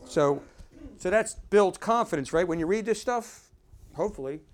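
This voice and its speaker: A man's voice: high voice, lively intonation, moderate pace, slight background noise. A man giving informal Bible teaching, talking conversationally and reading verses aloud with emphasis. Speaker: preacher.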